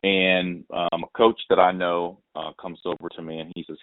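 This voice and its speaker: A man's voice: sits low, normal speed. A man hosting a podcast, telling a story in casual talk and acting out the voices of the people in it. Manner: animated, mimics others' voices when retelling a story. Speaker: podcast host. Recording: tinny phone-like audio.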